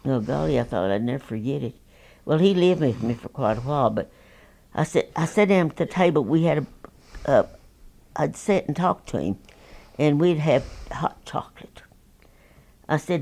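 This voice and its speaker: A woman's voice: low-pitched, lively intonation, normal speed, creaky, long pauses, dark tone. A woman, telling oral history stories in a folksy, rambling, plainspoken way. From Texas. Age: 90s. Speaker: interviewee.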